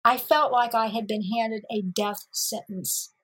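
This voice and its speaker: A woman from Missouri telling her life story as an interview guest, lively and acting out past conversations with laughter. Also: on the high side, unhurried, husky, rough recording. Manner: lively storyteller who acts out dialogue with laughter.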